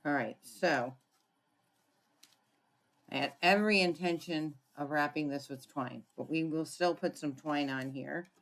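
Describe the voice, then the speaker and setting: Low-voiced woman demonstrating card crafting. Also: a little slow, a bit bright. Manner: chatty, thinking aloud while working, frequent throat clearing. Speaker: papercraft demonstrator. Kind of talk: casual craft tutorial.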